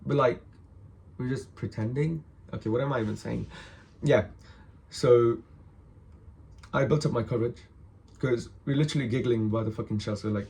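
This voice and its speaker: A man telling a personal story to the camera in a casual, animated way, swearing often and acting out the other people in it. He sounds hungover. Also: mid-range voice, moderate pace, vocal fry, long pauses.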